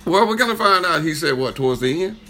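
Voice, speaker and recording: A man casually reacting to a video, excitable and incredulous. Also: on the high side, fast talker, slight background noise.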